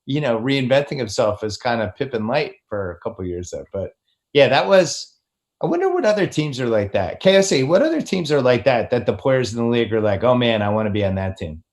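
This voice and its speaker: A man's voice: mid-range voice, sing-song, fairly quick, darkish tone. A man hosting a casual sports podcast, teasing his guests and steering the talk. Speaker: podcast host.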